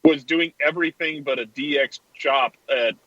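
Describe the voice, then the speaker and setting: A man's voice: a little high, normal speed, a bit bright, lo-fi sound, a little hiss or hum. A man co-hosting a casual soccer podcast, wry and sarcastic. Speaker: podcast co-host. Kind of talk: casual sports talk.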